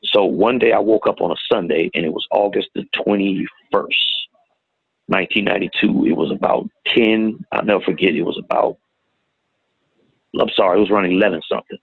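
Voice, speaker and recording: A middle-aged man telling a painful personal story in a plain-spoken, halting way, recorded with tinny phone-like sound. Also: deep voice, vocal fry, husky, dry recording. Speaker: guest telling his story. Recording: tinny phone-like audio, dry.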